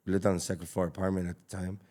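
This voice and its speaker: A man's voice: deep voice, level tone, racing, darkish tone. A man, telling his story as a podcast guest in an emphatic, slangy way. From Los Angeles, USA. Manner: emphatic and slangy, with many fillers and repeats. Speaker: podcast guest, taco business owner. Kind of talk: casual storytelling.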